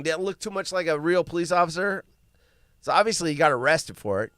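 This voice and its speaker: Guy hosting a livestream, super animated, crude jokes and rambling, smooth clear voice. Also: on the high side, fairly quick, no echo, clean studio sound. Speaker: live show host. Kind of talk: casual livestream chat, reading news stories aloud.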